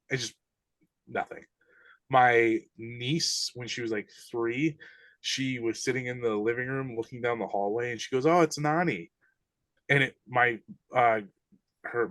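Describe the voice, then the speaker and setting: A man in the middle of his voice range tells spooky stories in a loose, excitable way, with casual slang. The sound is close and dry. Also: medium pitch, no echo. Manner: animated, breathless retelling of eerie events, casual slang. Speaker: podcast guest. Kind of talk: casual storytelling.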